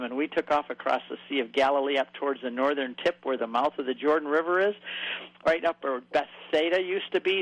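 A man telling stories in a conversation, animated and acting out the voices of people he quotes. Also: medium pitch, rough recording. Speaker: guest speaker on faith and Bible lands. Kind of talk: storytelling in a conversation.

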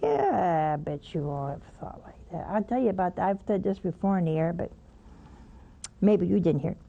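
A woman's voice: fairly low pitch, big pitch swings, moderate pace, vocal fry, muffled recording, slight background noise. A woman giving a spoken sermon, blunt and teasing, with pointed asides to her listeners. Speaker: religious broadcaster teaching scripture.

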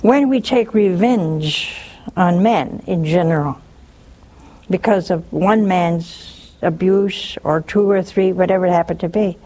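An older woman hosting a religious call-in show, talking in an animated, scolding way with mocking asides. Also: a little slow. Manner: animated, scolding and mocking with sudden pitch jumps.

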